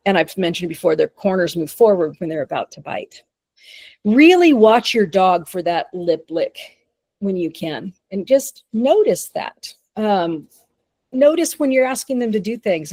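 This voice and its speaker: A woman presenting a webinar on dog behavior talks in a loose, chatty manner with plenty of fillers and easy laughs. Her voice has a gravelly, creaky texture at a middle pitch. The sound is dry with no room echo. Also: lively intonation, a little slow, darkish tone. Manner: chatty, informal, laughs often, many fillers.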